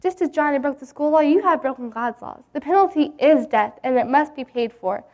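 A woman reading a Bible story aloud in an earnest, gentle way. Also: high-pitched, lively intonation, a little fast.

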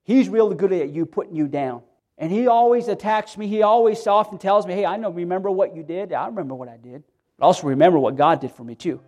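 A middle-aged male pastor with a somewhat high voice preaches an earnest sermon in a church. He talks in plain, heartfelt phrases, often stumbling and restarting. His pitch and loudness rise and fall widely as he pleads with his listeners. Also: fast talker.

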